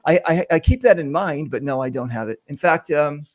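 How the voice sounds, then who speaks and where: A man's voice: fairly high pitch, animated, fairly quick. A man hosting a casual video-call paintball show, joking and rambling with many fillers. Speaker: host of a paintball talk show.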